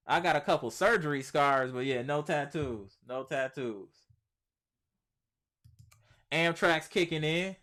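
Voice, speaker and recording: A man with a slightly higher-pitched voice hosts a casual live-stream sports show. He talks in an animated, slangy way, reads viewer comments aloud and answers them, and repeats his points for emphasis. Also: a little slow, pauses often. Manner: emphatic repetition, slangy speech. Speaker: sports channel host.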